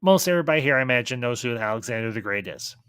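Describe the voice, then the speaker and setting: A man giving a casual, enthusiastic review of a TV series, pausing and restarting as he thinks aloud. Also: medium pitch, animated, fairly bright tone, clear, resonant tone, dry recording. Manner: thoughtful, enthusiastic, with frequent restarts. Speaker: film reviewer.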